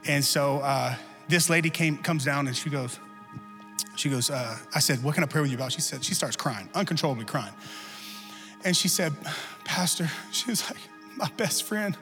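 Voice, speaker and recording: A male pastor giving a lively, conversational sermon full of humor in a church. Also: medium pitch, normal speed, big-room sound, soft background music. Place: church sanctuary.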